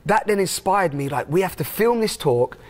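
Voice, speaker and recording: A man's voice: high voice, expressive, normal speed. Enthusiastic, rambling man. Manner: enthusiastic, rambling, many restarts. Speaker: interviewee. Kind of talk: casual chat.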